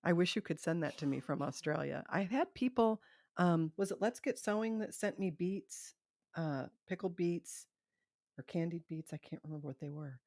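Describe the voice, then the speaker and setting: A woman's voice: fairly low pitch, lively intonation, moderate pace, a little mellow, no echo, clean studio sound. A middle-aged woman hosting a live stream, chatting casually and rambling, laughing often. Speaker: livestream host.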